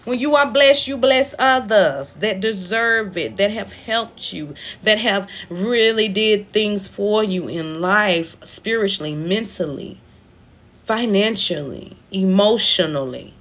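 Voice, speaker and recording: Woman, live card reader, bright voice, emphatic, repetitive, preachy. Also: medium pitch, animated, slow pace. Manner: emphatic, repetitive, preachy with African American Vernacular phrasing. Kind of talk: live stream tarot-style reading.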